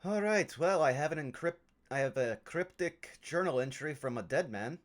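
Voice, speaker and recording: A man's voice: on the high side, expressive, moderate pace, pitched above the performer's own voice, lightly acted. A man voicing Branson, a weary, wary bard in a tabletop game, with a dry, understated delivery.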